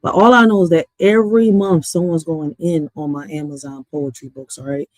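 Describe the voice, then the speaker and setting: A woman's voice: sits low, fairly even intonation, normal speed, darkish tone, no echo. A woman in her thirties, a poet and streamer, chatting casually to her viewers in a loose, profane way and laughing often. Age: 30s.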